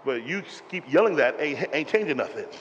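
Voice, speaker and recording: A man preaching a sermon as pastor, animated and rhythmic, calling out to the congregation to respond. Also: on the high side, fairly quick, muffled recording, slight background noise. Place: church sanctuary. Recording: reverberant hall with faint ambience.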